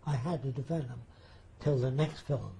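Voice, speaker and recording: A man telling a personal anecdote in a deliberate, emphatic way, checking that the listener follows. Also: mid-range voice, creaky, mellow, poor audio. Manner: deliberate, emphatic, rhetorical questions. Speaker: storyteller. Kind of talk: casual storytelling.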